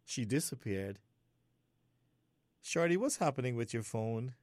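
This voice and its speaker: A man's voice: mid-range voice, animated, unhurried, pauses often, darkish tone, no echo, studio quality. A man hosting a morning call-in radio show, exuberant, laughing often and teasing callers. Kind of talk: lively call-in radio chat.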